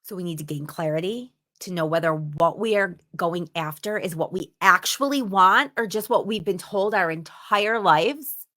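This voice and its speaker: A woman's voice: lowish voice, normal speed, bright, forceful tone. A woman giving a motivational teaching talk, speaking emphatically and repeating words for stress. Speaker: instructor.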